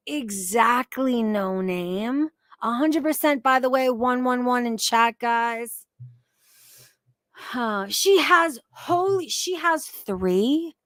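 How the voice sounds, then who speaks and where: A woman's voice: on the high side, expressive, slow, fairly bright tone, no echo, clean studio sound. A woman hosting a casual livestream, talking in an emphatic, profane, rambling way about online drama. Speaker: livestream commentary host.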